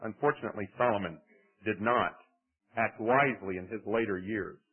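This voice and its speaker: A man preaching a sermon in an animated, conversational way, with dramatic swings in his delivery. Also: fairly low pitch, moderate pace, husky. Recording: tinny phone-like radio broadcast.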